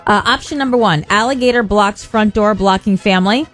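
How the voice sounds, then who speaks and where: A female co-host with a mid-pitched, conversational voice. She reads out headlines and then slides into playful chat with her partner. Faint music plays behind her. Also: brisk, a bit bright. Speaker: radio show co-host. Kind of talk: casual news banter.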